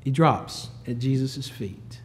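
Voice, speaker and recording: A man preaching a sermon, moving from quiet, low storytelling to loud, emphatic high peaks. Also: slow, slight background noise. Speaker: pastor.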